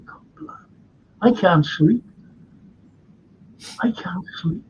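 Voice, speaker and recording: A tired older host with a Liverpool accent rambles chattily through his casual chat show, frequently restarting, short on sleep. His voice is a little high and a little mellow, expressive and slow, with frequent pauses. Faint noise sits in a dull lo-fi recording.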